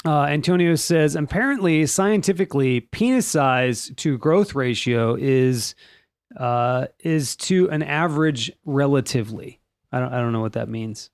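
A man's voice: medium pitch, a little slow, clear, resonant tone, no room sound, clean studio sound. A man hosting a podcast, reading listener chat aloud in a casual, stammering way. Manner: reads listener comments aloud with stammered restarts.

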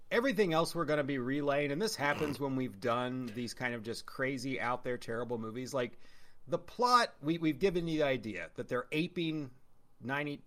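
A man chatting on a movie podcast, his voice sitting at an ordinary middle pitch. He hesitates often, with uh and restarted phrases, in a loose, casual way. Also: a bit bright. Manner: halting, with frequent uh and restarts. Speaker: podcast co-host. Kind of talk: casual movie review chat.

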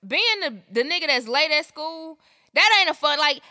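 Animated high-voiced woman co-host. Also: normal speed, no room sound, studio quality. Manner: blunt, profane, animated storytelling. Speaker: podcast co-host. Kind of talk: casual chat.

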